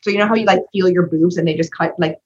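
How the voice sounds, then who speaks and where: A woman's voice: lowish voice, steady tone, quick pace, darkish tone. A woman co-hosting a podcast in casual chat, telling a personal story with animation and acting out the voices of the people in it. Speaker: podcast co-host. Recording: dull lo-fi podcast recording.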